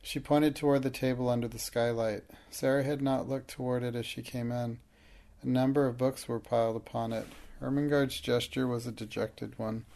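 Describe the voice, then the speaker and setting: A man with a gravelly voice narrating a storybook in a steady, even reading. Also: mid-range voice, moderate pace. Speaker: audiobook narrator. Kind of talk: scripted narration.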